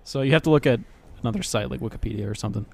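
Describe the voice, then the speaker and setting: A man in casual chat, dropping dry quick asides and swearing now and then. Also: medium pitch, creaky, darkish tone.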